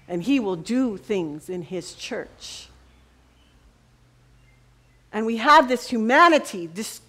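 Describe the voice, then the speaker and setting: A middle-aged woman preaching a sermon with passion, dropping to a hush and rising to ringing cries. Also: medium pitch. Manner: impassioned, swings from hushed to ringing cries.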